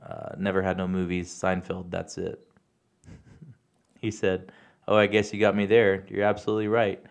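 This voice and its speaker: A young man co-hosts a podcast in a relaxed, joking chat, swearing as he goes. His voice sits on the low side. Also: normal speed, gravelly. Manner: laid-back, joking, profane. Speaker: podcast co-host. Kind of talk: casual chat.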